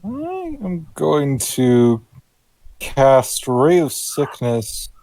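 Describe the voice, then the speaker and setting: A man's voice: mid-range voice, drawn-out words, warm tone, no echo. Man, tabletop player, casual and easygoing, dry sound. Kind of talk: casual tabletop game chat.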